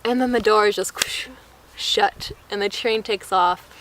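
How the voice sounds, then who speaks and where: On a low-quality recording with a little hiss or hum, a young American woman with a medium, slightly bright voice describes a travel mishap at a measured pace and fairly even intonation. As a vlogger, she keeps it casual and breathless, heavy on "like" and acted-out quotes.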